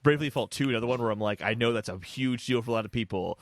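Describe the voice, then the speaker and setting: A man's voice: mid-range voice, no echo. A man co-hosting a gaming podcast, talking casually with many ums and restarts. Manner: quick, hesitant, many fillers. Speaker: podcast co-host. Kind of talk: casual chat.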